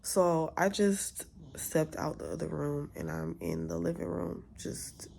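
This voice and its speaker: A young woman tells a story straight to camera, venting candidly and acting out both sides of an argument. Her lowish voice has a gravelly edge. A faint hiss sits under her voice. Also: a little slow. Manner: candid, venting, quotes others in lively asides. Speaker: vlogger. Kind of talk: casual storytime vlog.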